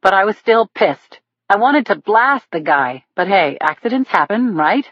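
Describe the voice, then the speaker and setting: A woman narrating a thriller audiobook in the first person, in a steady storytelling manner. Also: mid-range voice, normal speed, hardly any pauses, dry recording. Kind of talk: scripted narration. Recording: dull lo-fi dry recording.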